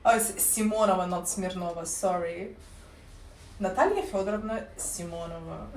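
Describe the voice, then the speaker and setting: A woman's voice: medium pitch, animated, moderate pace, darkish tone, a little hiss or hum. A woman with a Russian accent chatting casually on a livestream, teasing and self-mocking, laughing often. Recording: roomy and distant mic.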